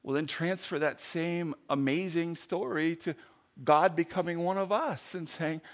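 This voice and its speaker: A man with a slightly high voice preaching a sermon and telling a story. He swings between loud, quick bursts and hushed, slow passages. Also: fairly even intonation. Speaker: pastor.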